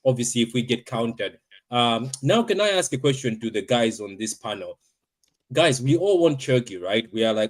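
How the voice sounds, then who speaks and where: A man's voice: medium pitch, very animated, moderate pace. Insistent teasing male stream host. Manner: insistent, teasing, repeats names. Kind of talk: panel chat on a live stream.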